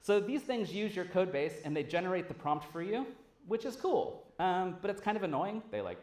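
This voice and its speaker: A man giving a casual, animated conference talk, swearing freely as he speaks. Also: high-pitched, normal speed. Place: large lecture hall. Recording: roomy hall sound.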